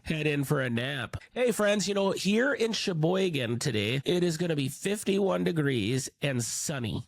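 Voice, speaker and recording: A man's voice: a little high, big pitch swings, a little slow, vocal fry. Nasal, congested male podcast host. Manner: rambling, conversational, many restarts. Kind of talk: casual chat.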